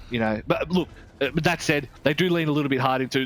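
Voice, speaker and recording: A man's voice: fairly high pitch, fast, a bit bright. A man with an Australian accent reviewing a video game in casual chat, rambling and candid, swearing freely.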